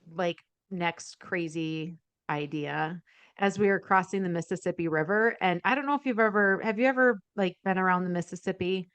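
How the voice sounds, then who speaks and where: An energetic woman in her forties telling stories as a podcast guest, full of fillers and quick asides. Her voice is smooth and clear at a middle pitch. The recording is dry and close. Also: no echo. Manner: energetic storyteller, many fillers. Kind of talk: casual interview chat.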